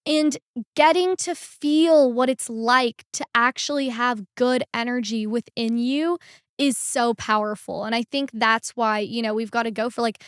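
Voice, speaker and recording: A teenage girl talking as a podcast guest in a quick, earnest, upbeat way. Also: on the high side, fairly even intonation, clean tone, no room sound, clean studio sound. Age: teens. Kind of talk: podcast interview.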